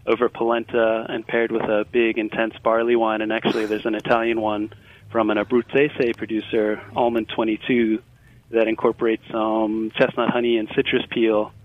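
A man's voice: on the low side, monotone, moderate pace, no room sound, narrow, tinny audio. A man from Northern Ireland, a radio guest, describing a dish and beer pairing with relish, listing flavors. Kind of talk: casual radio chat.

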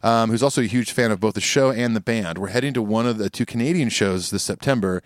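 A man's voice: fairly low pitch, fast, dry recording, clean studio sound. A man co-hosting a podcast in casual chat, laid-back and joking as he reads listener emails. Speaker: podcast co-host. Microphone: studio microphone.

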